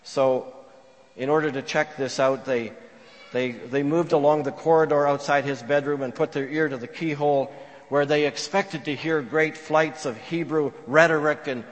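Male preacher, earnest storyteller, a bit high-pitched, big reverberant hall. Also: normal speed. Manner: earnest storytelling, drops to a hush for quoted prayers. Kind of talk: sermon. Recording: long reverb of a large hall.

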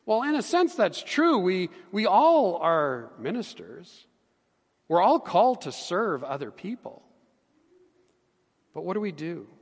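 Middle-aged pastor preaching in a reverberant church. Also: male voice, high-pitched, very animated, slow pace. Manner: earnest, swings from emphatic to hushed. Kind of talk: sermon. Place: church sanctuary.

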